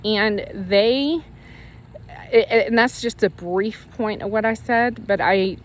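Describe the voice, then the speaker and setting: A woman tells her faith story in an earnest, emotional way. She rambles and restarts her sentences often. Her voice sits at an ordinary middle pitch, with a faint hiss of noise in the background. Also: takes it slowly. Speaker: Christian ministry leader sharing her testimony. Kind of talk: personal faith testimony, casual storytelling.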